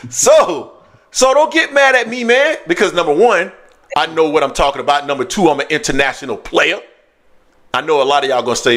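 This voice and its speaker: A man hosting a casual sports live stream, talking in loose, animated, slangy banter. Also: a little high, fairly quick. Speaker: sports show host.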